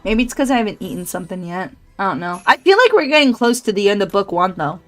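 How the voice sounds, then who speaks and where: A woman's voice: mid-range voice, big pitch swings, fast talker, fairly bright tone, faint music behind. A woman streaming a story game, chatting casually, swearing and laughing at her own slips.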